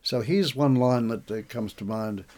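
A man's voice: medium pitch, unhurried, a little mellow. A man, a poet and translator, talking in an interview about his translation of a medieval poem and reciting lines aloud with animation. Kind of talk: conversational interview.

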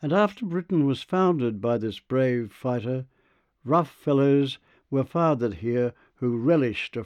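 Man, slow measured verse reading, dry close sound, slightly muffled. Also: mid-range voice, no echo. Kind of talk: reading a verse translation aloud.

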